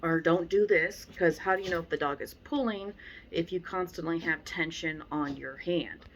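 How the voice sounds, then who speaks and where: Blunt, animated woman dog trainer. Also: low voice, moderate pace, gravelly, slight background noise. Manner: animated, acts out people she describes; blunt, exasperated asides. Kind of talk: casual instructional talk.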